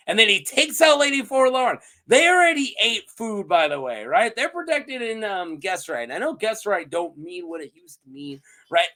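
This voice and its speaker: A man casually recapping fantasy story lore, playful and quick to laugh, with lots of fillers. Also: sits high. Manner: playful, animated, laughs often, many fillers. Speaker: host of a fantasy lore channel.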